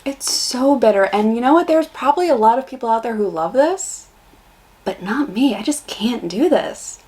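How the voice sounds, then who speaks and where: A woman's voice: a little high, animated, normal speed, dark tone. A young American woman vlogging a casual beer taste test, chatty and blunt in her reactions. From United States.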